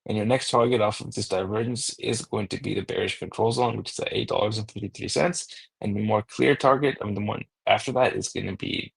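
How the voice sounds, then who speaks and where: Gravelly husky man reading charts. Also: lowish voice, fairly quick, no room sound, low-quality recording. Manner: steady, number-heavy, thinks aloud. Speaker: market analyst host. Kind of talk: technical chart analysis.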